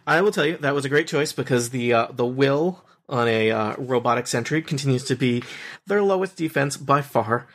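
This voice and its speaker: A man's voice: mid-range voice, lively intonation, normal speed. A man runs a tabletop game as game master. He talks in a friendly, hesitant way, with plenty of ums and restarts. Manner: hesitant, full of fillers, friendly.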